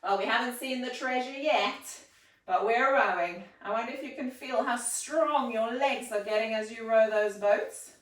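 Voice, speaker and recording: Woman, children's yoga teacher, playful coaxing storytelling, fairly high voice, echoey, distant mic. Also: normal speed. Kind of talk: guided children's yoga class. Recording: roomy echo, mic set far off.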